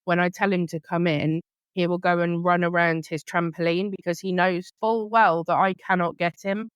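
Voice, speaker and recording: A woman in her thirties hosts a relaxed podcast chat with a smooth, resonant voice. She talks candidly and pokes fun at herself. The sound is dry and close. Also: lowish voice, moderate pace, dry recording, muffled recording. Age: 30s. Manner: chatty, candid, self-deprecating. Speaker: podcast host. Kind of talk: casual conversational interview.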